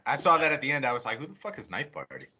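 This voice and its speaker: A man co-hosting a podcast in casual chat, excitedly retelling a movie plot with lots of swearing and acted-out quotes. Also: mid-range voice, rapid-fire, breathy edge, dull audio. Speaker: podcast co-host reviewing a horror movie.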